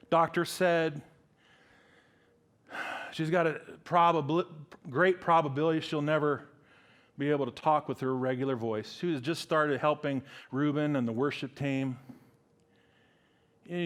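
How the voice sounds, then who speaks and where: A middle-aged male preacher with a rather high voice. He delivers his sermon with animated swings and plays out little dialogues as he goes. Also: smooth. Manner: animated, acts out dialogue with big pitch swings.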